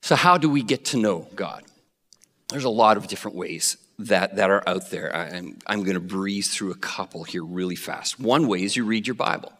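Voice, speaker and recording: A male preacher telling a Bible story with animated flair, acting out the voices. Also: low voice, normal speed. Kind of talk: sermon. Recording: long reverb of a hall.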